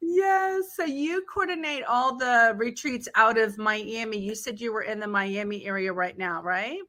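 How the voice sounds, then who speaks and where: A woman's voice: on the high side, measured pace, sharp tone. A woman hosting a travel podcast interview, upbeat and chatty, laughing easily. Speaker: podcast host.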